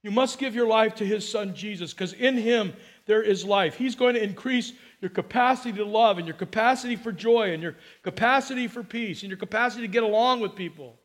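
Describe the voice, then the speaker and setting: A middle-aged man preaching a sermon as pastor, chatty and storytelling with quick asides, slowing down and lifting his voice when he preaches scripture. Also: high-pitched. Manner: slows and lifts voice to preach scripture.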